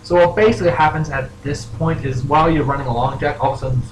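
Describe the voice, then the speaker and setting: A young man in casual chat, narrating as game master for a tabletop role-playing game, relaxed and quick to laugh. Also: on the high side. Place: room at a table with other players. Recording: echoey room with clear background noise.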